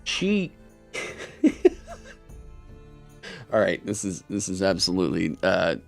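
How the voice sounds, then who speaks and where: Man, young, gravelly, lively pitch, rambling casual chat. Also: takes it slowly, soft background music. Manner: rambling, laughing, swearing. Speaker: podcast host.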